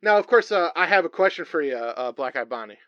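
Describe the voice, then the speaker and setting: A man's voice: on the high side, animated, fast talker, dry recording, lo-fi sound, close to an everyday voice. A man voicing a flustered male comedy wrestler who hosts a talk show, stammering and overly chummy in a tabletop game. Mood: fawning. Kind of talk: tabletop role-play voice acting.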